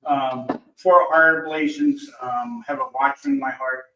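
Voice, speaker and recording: A man's voice: fairly high pitch, sing-song, a little slow, vocal fry, bright, forceful tone. A man, a guest, telling a personal story in casual conversation and retelling past conversations line by line. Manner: retells dialogue with lots of "he goes". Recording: roomy, distant mic.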